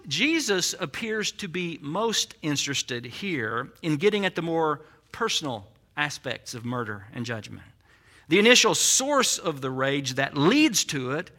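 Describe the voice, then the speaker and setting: Animated, bright-voiced male preacher. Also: fairly high pitch. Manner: emphatic, with dry asides. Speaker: pastor. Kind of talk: sermon.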